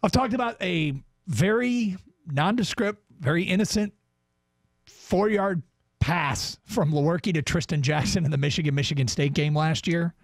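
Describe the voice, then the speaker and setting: A man's voice: fairly high pitch, moderate pace, no echo, studio quality. A man co-hosting a sports radio show, chatting casually and leading the segment. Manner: chatty, runs the segment, reads the call-in number.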